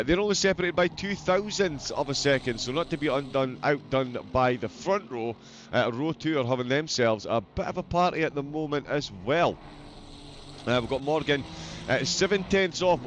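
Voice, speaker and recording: A man's voice: medium pitch, background noise. A man with a Scottish accent giving live commentary on a sim race, chatty and joking as he reads out viewer messages. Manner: chatty, jokey, reads out chat.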